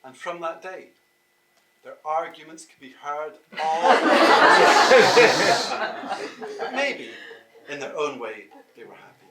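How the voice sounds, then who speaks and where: A woman closing a folk tale for a live audience, slow and amused, laughing between lines. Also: sits low, animated. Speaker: storyteller. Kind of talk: live oral storytelling. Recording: echoey room, voice from far off, loud fiddle music.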